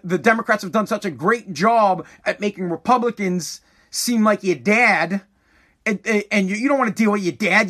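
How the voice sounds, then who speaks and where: A man rants bluntly and profanely in casual talk. His voice sits high. It sounds husky. He speaks with heat. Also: bright, forceful tone. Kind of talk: casual political rant.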